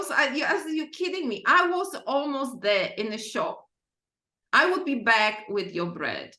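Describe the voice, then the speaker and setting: A woman's voice: a little high, pushed and bright, roomy sound. A woman guest on a podcast, telling anecdotes earnestly in slightly non-native phrasing. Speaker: guest, author and practitioner. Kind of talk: casual conversation, storytelling.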